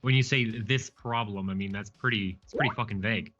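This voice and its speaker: Man, tabletop player, dry, blunt, sarcastic, sharp bright voice, faint music behind. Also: fairly low pitch, fairly quick, lo-fi sound. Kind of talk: in-character tabletop role-play.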